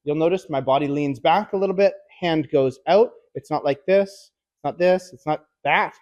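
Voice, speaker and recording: A man teaching car sales closing techniques in a direct, energetic coaching manner, with casual slangy phrasing. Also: fairly high pitch, moderate pace, highs cut off. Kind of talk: instructional video talk.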